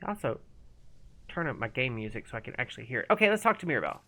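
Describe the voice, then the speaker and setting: Lively chatty streamer woman. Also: very deep voice, rapid-fire. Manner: chatty, rambling, playful, talks to game characters. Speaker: streamer playing a game. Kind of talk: casual live-stream commentary.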